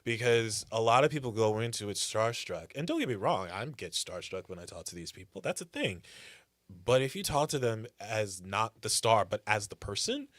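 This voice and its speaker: Guy with a lively bouncy voice, relaxed thoughtful chat, dry sound. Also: on the low side, moderate pace, no echo. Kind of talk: casual chat.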